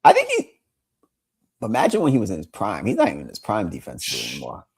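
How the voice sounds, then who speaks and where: A man co-hosting a sports podcast, excitable in casual chat, often restarting his sentences. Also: lowish voice, fast talker, breathy edge. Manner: excitable, lots of restarts and laughter. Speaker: podcast co-host.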